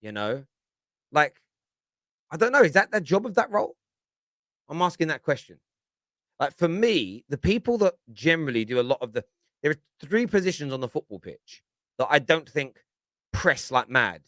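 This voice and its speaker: A man's voice: a little high, sing-song, normal speed, long pauses, fairly bright tone, no echo. A man talking football in a casual, opinionated and rambling way, often restarting and asking "you know what I mean". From Britain. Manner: rambling, repeats words, lots of 'do you know what I mean'. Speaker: football pundit on a fan show.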